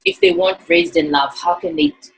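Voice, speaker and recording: A woman's voice: on the low side, wildly swooping pitch, fairly quick, vocal fry, husky, poor audio. A woman from Zambia, earnestly and reflectively telling a personal story in an interview. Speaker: interview guest.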